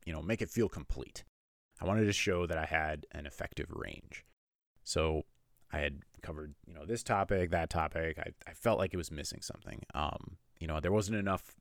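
A man, a medical illustrator, telling a personal story in a relaxed, conversational way with lots of "you know" fillers. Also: low-pitched, dry recording, studio quality.

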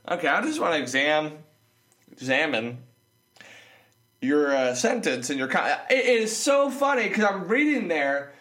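A man's voice: sits high, sing-song, moderate pace, a bit bright. A man ranting in a casual vlog, sarcastic and mocking, rambling with many restarts. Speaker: vlogger. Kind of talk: casual opinion rant. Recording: echoey room.

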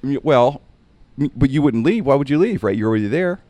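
Animated storytelling man, lively pitch. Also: fast talker, no echo. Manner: animated, acts out quoted voices. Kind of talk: casual storytelling chat.

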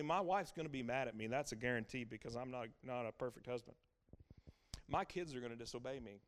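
A middle-aged man preaching a sermon as pastor, with an emphatic, repetitive cadence that drops to hushed lines and climbs to loud exclaiming peaks. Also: medium pitch, brisk.

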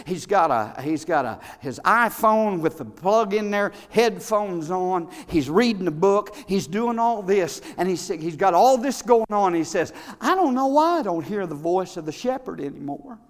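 High-voiced preacher in a reverberant church. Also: male voice, expressive, moderate pace, few pauses. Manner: builds from quiet storytelling to shouted fervor; folksy, repeats words. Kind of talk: sermon. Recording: long hall reverb.

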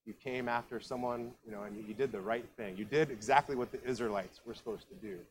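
A man voicing a kindly, protective older landowner in a gentle, reassuring, hushed voice during a sermon. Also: medium pitch, fast talker, slight background noise, natural voice. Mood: tender.

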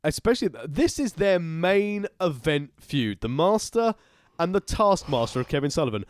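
A man's voice: fairly high pitch, big pitch swings, normal speed, no echo. A man co-hosting a casual chat, adding dry joking asides. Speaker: podcast co-host.

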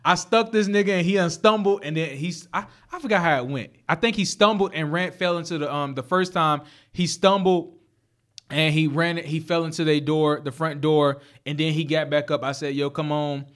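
A young man with a notably high voice tells a story in loose, casual conversation at a moderate pace. He's animated and profane, uses street slang, stumbles through restarts, and laughs often.

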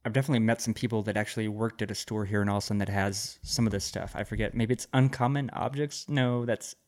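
A man's voice: fairly low pitch, fairly even intonation, fast, a little mellow. A man from the American South co-hosting a podcast, chatting casually, joking and swearing now and then. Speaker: podcast co-host. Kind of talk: casual chat.

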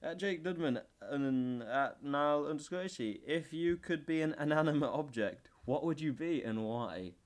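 A man's voice: fairly high pitch, lively intonation, moderate pace, few pauses. A young man co-hosting a podcast in casual chat, easygoing, reading out listener questions and chiming in with short replies. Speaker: podcast co-host.

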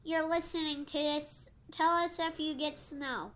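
A woman co-hosting a casual podcast chat, talking haltingly with many restarts. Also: high voice, fairly even intonation, a bit bright. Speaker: podcast co-host.

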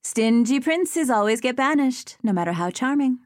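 A woman's voice: high-pitched, animated, normal speed, dry recording, clean studio sound, voice pushed up. A woman voicing a romantic woman in her thirties who scolds playfully and wryly.

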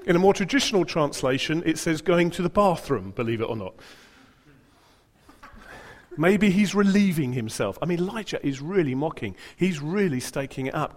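Male preacher, lively storytelling. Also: a little high, normal speed, big-room sound. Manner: dramatic, humorous storytelling. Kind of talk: sermon.

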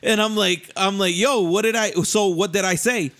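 A young man casually telling a story on a podcast, animated and slangy, often laughing and jumping into voices. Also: moderate pace. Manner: animated, laughing, acts out voices with rising pitch; profane, slangy.

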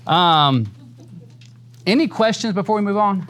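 A man's voice: high-pitched, expressive, measured pace, fairly bright tone. A man teaching a church Bible class in a casual, conversational way, often adding "man" and "right?" and laughing easily.

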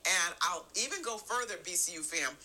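A middle-aged woman giving an earnest sermon, stressing her phrases and stretching some words out slowly. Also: on the low side, animated, sharp tone, poor audio. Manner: earnest, emphatic, drawn-out phrases. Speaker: church speaker.

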